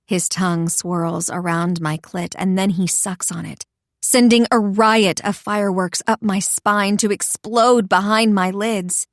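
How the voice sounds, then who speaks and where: A woman narrating a first-person romance audiobook in an expressive, intimate storytelling voice. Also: mid-range voice, measured pace, dry recording, clean studio sound.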